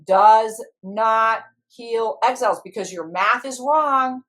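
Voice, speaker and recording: A woman's voice: fairly high pitch, slow, few pauses, fairly bright tone. A middle-aged woman, an IFS practitioner, telling a story in conversation and acting out her inner parts in quoted voices.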